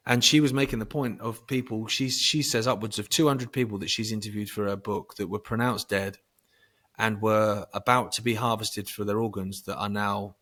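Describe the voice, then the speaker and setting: Man talking casually, low-pitched. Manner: casual and swearing, with bursts of loud emphasis. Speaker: podcast guest. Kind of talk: casual conversation.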